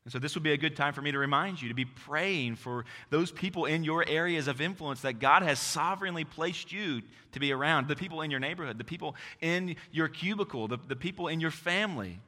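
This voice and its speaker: A man's voice: a little high, fairly quick, few pauses, sharp tone. Earnest preacher man in a reverberant hall. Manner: earnest, repetitive exhortation with frequent restarts. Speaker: pastor. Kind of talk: sermon.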